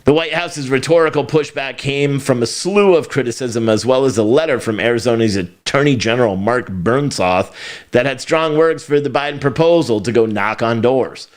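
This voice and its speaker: A middle-aged man hosting his own news show. He rants in a sarcastic tone, laughs at his own jokes and swears as he goes. His voice sits at an everyday middle pitch. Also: normal speed. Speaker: news commentary host. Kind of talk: casual opinionated commentary.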